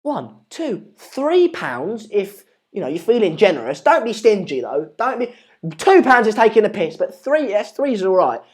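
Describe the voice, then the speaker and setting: A man's voice: sits high, big pitch swings, normal speed. A man with an English accent hosting a live stream, chatting casually and reading out viewer comments in a rambling, jokey, self-deprecating way. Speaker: livestream host.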